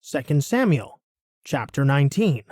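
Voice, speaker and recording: A man reading a Bible passage aloud in a steady, expressive way. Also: mid-range voice, measured pace, no room sound, studio quality. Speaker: scripture reader.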